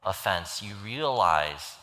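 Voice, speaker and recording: Male preacher, lowish voice with a bright edge, earnest and pleading, acts out story voices; long hall reverb. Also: animated, takes it slowly. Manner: earnest, pleading, retells stories acting out the voices. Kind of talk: sermon.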